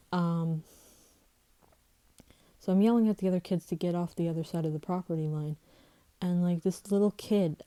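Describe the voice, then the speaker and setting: A woman's voice: on the low side, warm tone, no room sound, low-quality recording. A woman vlogger telling a story in a rambling, heated way, swearing and restarting often. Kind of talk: casual storytelling vlog.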